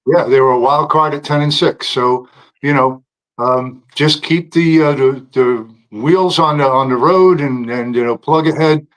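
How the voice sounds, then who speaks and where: A man calling in to a talk show, earnest and halting, thanking the host. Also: medium pitch, low-quality recording. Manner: halting, many fillers and restarts, earnest. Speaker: caller. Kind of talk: phone-in chat.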